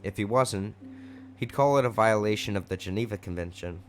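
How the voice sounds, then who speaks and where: A man's voice: fairly low pitch, fairly quick, faint music behind. A man narrating a fanfic story aloud in a casual way with wry asides.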